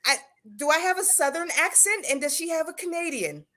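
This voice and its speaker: Bright-voiced woman. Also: very high voice, expressive. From Pittsburgh, USA. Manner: chatty, jokey, quick to laugh. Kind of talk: casual live chat.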